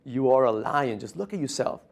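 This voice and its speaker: A man's voice: mid-range voice, lively intonation, normal speed, creaky. A man voicing a grown male lion who firmly tells a younger lion what he really is. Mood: insistent. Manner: firm, insistent. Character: stern grown male lion, commanding mentor.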